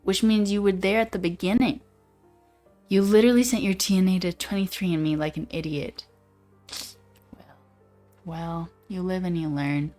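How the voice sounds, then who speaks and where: Laid-back woman streamer, lowish voice. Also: steady tone, moderate pace, pauses often, dark tone, faint music behind. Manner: chatty, laid-back, quotes AI voices playfully. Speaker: livestream host. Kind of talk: casual chat reading viewer comments.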